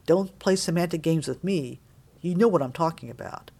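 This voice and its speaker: Woman reader doing a loud, menacing, blustering middle-aged bully. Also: low voice, moderate pace, vocal fry, breathy edge, exaggerated voice. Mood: angry. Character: angry balding middle-aged man, bullying.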